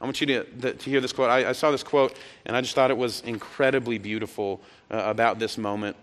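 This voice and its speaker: Impassioned pastor preaching in an echoey hall. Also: male voice, medium pitch, steady tone, quick pace. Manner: impassioned, emphatic, repeats words as he builds. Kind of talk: sermon. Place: church sanctuary, live congregation.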